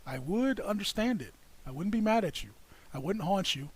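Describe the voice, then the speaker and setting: A man with a slightly raised pitch holds court on a casual livestream. He rambles, stacks up fillers and laughs often as he responds to what viewers type. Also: very animated, brisk, breathy edge, no echo. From United States. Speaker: livestream co-host.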